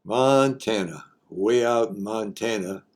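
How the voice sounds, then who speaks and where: Folksy, mellow-voiced older man joking. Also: fairly low pitch, slow pace. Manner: folksy, wry, joking asides. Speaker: host. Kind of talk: casual explainer monologue.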